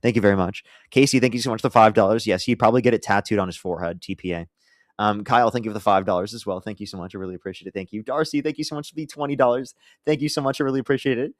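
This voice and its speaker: A man's voice: on the low side, racing, no room sound, studio quality. A man hosting a live-stream debate, blunt and profane, pressing his opponent and reading out donor thanks.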